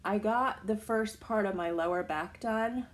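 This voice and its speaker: A woman in her forties chatting to the camera, telling a long personal story in an animated, casual way. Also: medium pitch, a little slow. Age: 40s. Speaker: vlogger.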